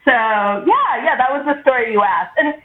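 A woman co-hosting a podcast, telling a story in casual chat and quoting people in lively voices. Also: sits high, normal speed, crowd noise. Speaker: podcast co-host. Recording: echoey room over a tinny phone-like line with faint noise.

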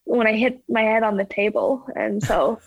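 Chatty young woman, bright high voice. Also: moderate pace, no echo, dull audio. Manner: rambling, full of "like", laughs through stories. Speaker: ski jumper guest. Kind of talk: casual interview storytelling.

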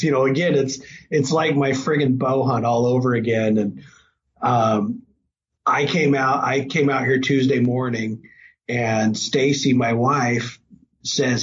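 Middle-aged man as a podcast guest, chatty storyteller at an average pitch, slightly dull recording with faint hiss. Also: measured pace. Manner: animated, breaks into excited quoting. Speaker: hunting guest. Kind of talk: casual storytelling.

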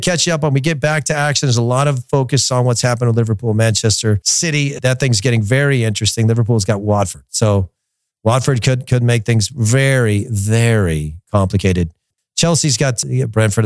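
Rambling low-voiced man hosting a soccer podcast. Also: darkish tone, no echo, clean studio sound. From United States. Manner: rambling, opinionated, repeats words while thinking. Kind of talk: casual podcast commentary.

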